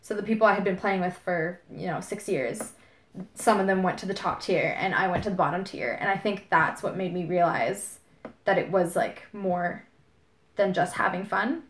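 A woman's voice: fairly low pitch, normal speed, reverberant, a little hiss or hum. A young woman in casual chat, speaking thoughtfully with hesitant fillers. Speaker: podcast panelist.

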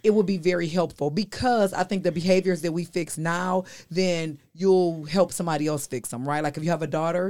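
A woman's voice: deep voice, darkish tone. A woman hosting a casual group discussion, talking candidly and emphatically with conversational slang. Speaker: host.

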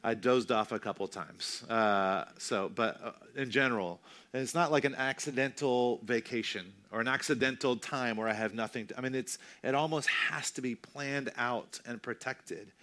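A man in his thirties preaching a sermon in a conversational, self-deprecating way, slowing down for emphasis. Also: medium pitch, pushed and bright. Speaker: pastor.

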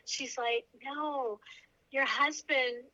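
A woman in her thirties, a podcast guest telling a personal story in an animated way, laughing often. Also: high voice, extremely slow. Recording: slightly dull lo-fi audio.

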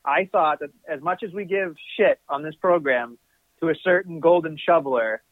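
A man's voice: fairly high pitch, normal speed, no echo. A man co-hosting a podcast in casual chat, rambling and correcting himself as he gives his opinions. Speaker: podcast co-host. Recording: tinny phone-like line, dry.

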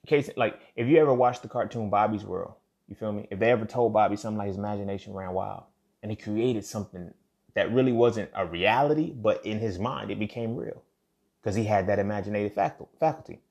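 Fairly low and gravelly yet a little mellow, the brisk voice belongs to a young podcast host. He rambles conversationally with frequent restarts and asides, often tossing in "you feel me."

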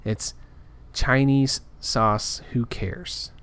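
Expressive and at a normal speed, this man's mid-range voice carries a podcaster's casual rant. He rambles, sounds frustrated, and restarts often.

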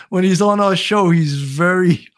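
A man with a Long Island accent hosts a casual live-stream chat. His voice sits a little high, and he tells stories with a joking, animated manner, slipping into put-on voices. His talk is loose and chatty. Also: measured pace. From Long Island, New York. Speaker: show host.

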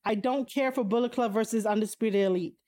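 A woman in a casual, opinionated chat, reading viewers' comments aloud and answering them. She swears bluntly, uses a lot of fillers and laughs often, with sudden high-pitched exclamations. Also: a little fast, mellow. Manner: blunt and profane, frequent fillers.

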